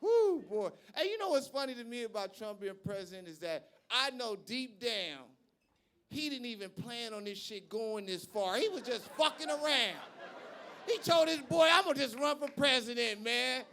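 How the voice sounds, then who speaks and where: A male stand-up comedian performing live on a club stage, brash and profane, shouting his punchlines. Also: very high voice, very animated, moderate pace.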